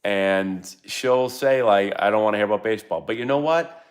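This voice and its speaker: A man's voice: fairly low pitch, moderate pace. A middle-aged man, a former ballplayer, hosting a casual live-stream Q&A and telling rambling, self-interrupting stories. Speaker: channel host, former pro baseball player.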